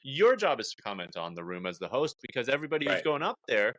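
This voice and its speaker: A man hosting a comedy podcast, chatting casually and talking through his thoughts out loud in an animated way. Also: medium pitch, fast.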